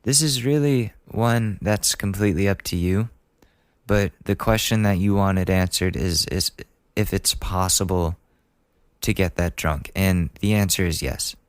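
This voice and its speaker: A man's voice: low voice, a little slow, no room sound, studio quality. A man in his twenties hosting a casual advice podcast, reading listener letters and joking about them. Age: 20s. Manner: chatty and joking, laughs at his own lines. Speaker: podcast host.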